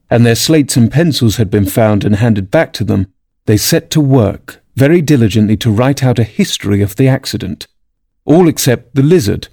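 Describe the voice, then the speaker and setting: An audiobook narrator reads a classic storybook aloud in a scripted, expressive style. His mid-range voice is captured dry, with studio quality.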